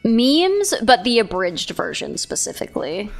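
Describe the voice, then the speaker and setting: A woman's voice: a little high, sing-song, measured pace, creaky, soft background music. A woman hosting a casual stream chat, giggly and chatty, often trailing off and restarting her sentences. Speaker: streamer host.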